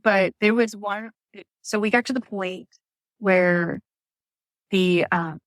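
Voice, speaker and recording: Woman in her 30s, lively storyteller, dry close mic, plays out what people said. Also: medium pitch, slow, no room sound. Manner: animated storytelling, acts out quotes, laughs often. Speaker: podcast guest. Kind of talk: telling her birth story. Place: Atlanta area.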